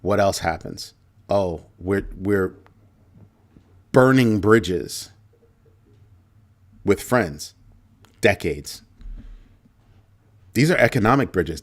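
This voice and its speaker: A man's voice: on the low side, slow, pauses often. Emphatic man hosting a livestream. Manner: emphatic, repeats key phrases for effect; answers viewer comments mid-talk. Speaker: show host. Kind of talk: livestream commentary on the economy.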